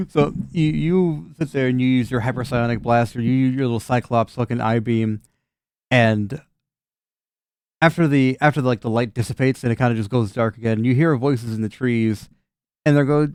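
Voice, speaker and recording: A man's voice: mid-range voice, normal speed, darkish tone, clean tone, no echo, clean studio sound. A man narrating a tabletop game as game master, casual and joking, with lots of swearing and fillers. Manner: casual, laughing, swears often, many fillers.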